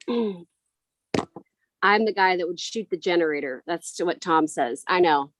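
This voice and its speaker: A woman's voice: lowish voice, a little slow, no echo. A middle-aged woman from a Southern California valley, co-hosting a casual chat in a bubbly, chatty way full of "like"s. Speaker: co-host.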